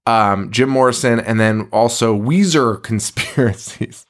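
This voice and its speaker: A man's voice: medium pitch, unhurried. Laughing, swearing podcast host, man. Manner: animated, swears a lot, laughs often, acts out quotes. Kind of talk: casual movie-recap chat.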